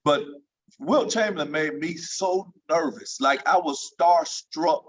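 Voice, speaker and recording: A man telling lively stories as an interview guest, leaping up in pitch when he gets excited. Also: slow, dull audio. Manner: animated storyteller, jumps high in pitch for excited quotes. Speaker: guest, former pro basketball entertainer. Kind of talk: storytelling in casual interview.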